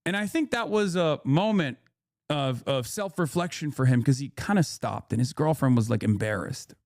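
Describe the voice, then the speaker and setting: A man's voice: medium pitch, normal speed, no echo, clean studio sound. A man giving heated, indignant commentary as a political streamer, swearing often as he tells a story. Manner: profane, animated, indignant storytelling.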